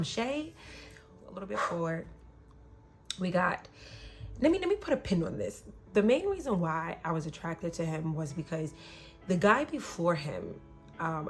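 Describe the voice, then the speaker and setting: A woman podcast host openly recounting an abusive relationship, blunt and emotional, sometimes dropping to a hush and sometimes rising sharply. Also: lowish voice. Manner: blunt, emotional, swings between soft and loud. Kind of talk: candid personal storytelling.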